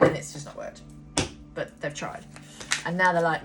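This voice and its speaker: A woman's voice: on the low side, fairly even intonation, normal speed, pauses often. A woman giving a casual tarot reading, talking bluntly, swearing freely and rambling on. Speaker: tarot reader. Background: background music.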